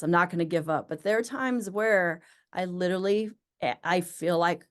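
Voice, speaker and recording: A woman who owns a business, talking as an interview guest and acting out her own excited thoughts as she tells her story. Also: fairly low pitch, moderate pace, clear, resonant tone. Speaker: interview guest, med spa owner. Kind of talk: casual interview conversation.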